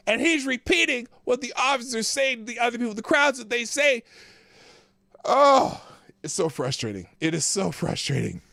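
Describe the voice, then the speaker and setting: A man hosting a live political commentary show talks in a high, swooping voice. His tone is bright and cutting, and the recording is dry and close. He reads passages aloud and reacts with incredulous, animated remarks. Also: normal speed, gravelly, no room sound.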